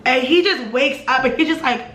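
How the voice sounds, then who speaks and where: A young woman telling a personal story to camera in a fast, animated, casual way, full of fillers. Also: sits high, roomy sound, a little hiss or hum.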